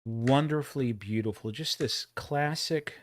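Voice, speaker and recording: A man's voice: medium pitch, a little slow, over music. A man in his forties with a Texan accent, hosting a casual livestream and rambling as he reacts to old commercials. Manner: rambling, chatty, laughs at his own jokes.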